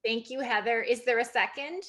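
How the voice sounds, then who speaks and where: Party chair, woman, slightly high voice, wrapping up a video call meeting. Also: normal speed. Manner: warm thanks, chatty with fillers.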